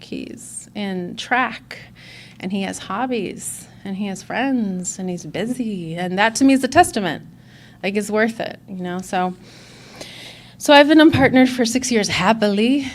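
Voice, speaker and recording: A woman from Chicago talks candidly about her own recovery, reflective and unpolished, with fillers and restarts. Her voice sits on the lower side. A faint noise runs under the recording. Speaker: conference speaker. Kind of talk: personal recovery share.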